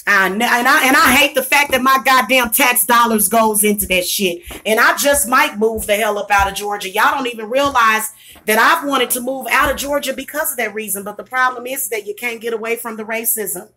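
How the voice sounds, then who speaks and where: Bright-voiced angry woman ranting. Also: on the high side, brisk. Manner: profane, heated venting with bursts of shouting. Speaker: vlogger.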